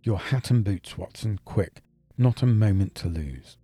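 A man voicing a crisp, commanding detective. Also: fairly low pitch, animated, a little slow, dark tone, faint music behind. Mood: eager. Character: brilliant, brisk male detective, commanding and dry. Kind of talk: audiobook character reading.

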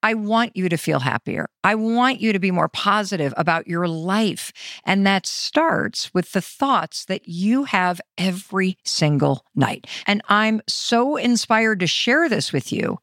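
A middle-aged woman hosting a motivational podcast, chatty and expressive, speaking straight to the listener. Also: medium pitch, measured pace, no echo, studio quality. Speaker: podcast host.

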